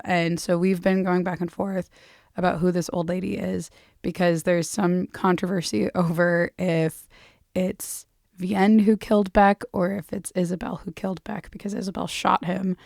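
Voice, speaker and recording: A woman co-hosting a podcast, recapping a novel in casual chat and lively acting out the characters' lines. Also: on the low side, normal speed, vocal fry, dry recording, studio quality. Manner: animated storytelling, acts out characters' lines, swears, laughs. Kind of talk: casual book-club chat.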